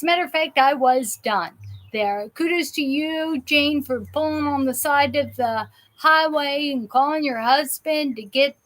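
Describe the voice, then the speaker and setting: A woman's voice: sits high, poor audio. A woman hosting a live show, chatting casually and rambling with many restarts and fillers. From South Jersey. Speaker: host of a live patient show. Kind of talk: casual live-stream chat.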